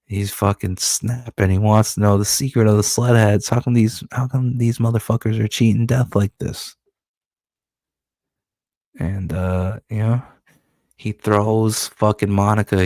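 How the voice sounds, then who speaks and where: A man, a comic book creator, walking through his comic in profane, animated storytelling. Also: on the low side, no echo, studio quality. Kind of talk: casual comic-book walkthrough.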